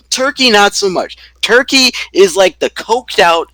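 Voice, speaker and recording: Bright-voiced man ranting on a podcast. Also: sits high, huge pitch swings, measured pace, hardly any pauses, no echo, low-quality recording. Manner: ranting, profane, emphatic. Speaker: podcast co-host. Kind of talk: casual chat.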